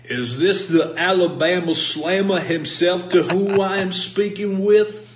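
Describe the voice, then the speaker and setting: A man's voice: high voice, measured pace. A man doing a comedy impression, a folksy coach faking a thick, flowery Southern drawl. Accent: put-on Southern US drawl. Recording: echoey room with faint noise.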